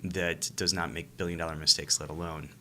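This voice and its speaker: Man, very low pitch, crisp forceful tone, lively storyteller, casual interview. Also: fairly quick, a little hiss or hum. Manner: animated storyteller who acts out phone calls. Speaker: real estate investor and coach, interview guest.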